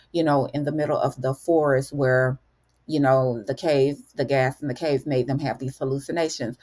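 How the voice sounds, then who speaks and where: A woman hosting a casual TV recap, chatty and animated, calling her viewers "honey". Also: deep voice. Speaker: TV recap host. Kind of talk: casual spoken episode recap.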